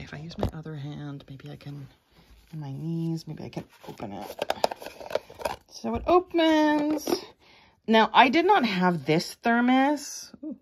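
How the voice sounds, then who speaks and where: A vintage toy collector in her forties shows off her finds in a casual vlog, rambling with lots of fillers and little laughs. Her voice is low-pitched and a bit bright.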